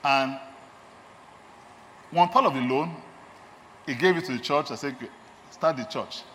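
Preaching with a Nigerian accent, this man, a doctor and lay preacher, hammers home his points and keeps repeating key phrases. His pitch is fairly high, his pace a little slow, and the sound a bit bright. Long hall reverb, faint ambience and a touch of background noise surround him.

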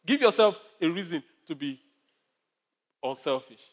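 A man's voice: high-pitched, very animated, a little slow, long pauses, fairly bright tone. A male pastor preaching a sermon with numbered points, stories and humor.

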